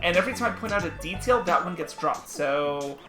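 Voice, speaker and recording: A woman's voice: fairly low pitch, expressive, fairly quick, bright, forceful tone, faint music behind. A woman hosting a casual storytelling game with friends, leading the turns. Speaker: game host. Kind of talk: casual chat.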